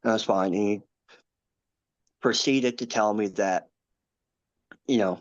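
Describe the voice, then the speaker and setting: A man in his thirties, a podcast guest, recounting a personal story in an earnest, halting way with many asides. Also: lowish voice, muffled recording. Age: 30s.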